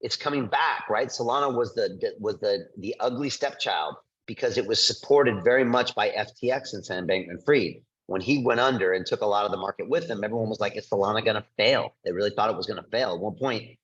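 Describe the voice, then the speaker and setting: A male host speaking to a group in an excited, emphatic monologue with quick asides. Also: lowish voice, muffled recording. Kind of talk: energetic monologue to a live group.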